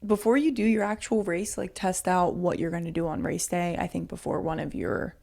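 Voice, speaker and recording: A young woman with a lowish, gravelly voice talks casually as a podcast co-host. Her speech is loose and chatty, full of "like" fillers, and she often breaks into small giggles. The tone stays relaxed and conversational. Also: a little fast. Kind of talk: casual chat.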